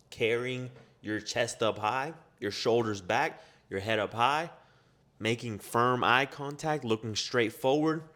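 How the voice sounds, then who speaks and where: A man delivering a self-improvement pep talk in a somewhat low voice. He is blunt and profane, and he hammers his points home with strings of quick rhetorical questions. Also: a bit bright. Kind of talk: motivational monologue.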